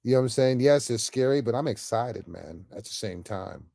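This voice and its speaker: A man's voice: mid-range voice, expressive, normal speed, vocal fry, warm tone, dry recording, clean studio sound. A man giving an off-the-cuff political rant to camera, emphatic and repetitive, stammering often and ending phrases with "man". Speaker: political commentator vlogger.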